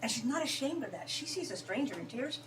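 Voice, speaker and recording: A woman in a casual conversation, a mother telling heartfelt stories at a quick pace. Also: fairly high pitch, very animated. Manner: heartfelt, fast-paced storytelling. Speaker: guest, mother. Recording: distant mic with noise.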